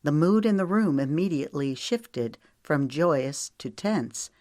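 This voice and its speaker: In a scripted audiobook reading, a low-voiced woman narrates steadily at a measured pace, giving each character's lines small shifts. Her delivery is expressive and a little mellow, and the recording is dry and close with no room sound.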